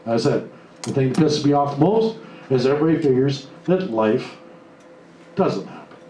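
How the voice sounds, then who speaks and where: A man giving a live motivational talk to an audience, blunt and animated, acting out the lines he quotes. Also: medium pitch, moderate pace. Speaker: motivational speaker. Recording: echoey room, mic at a distance, faint noise.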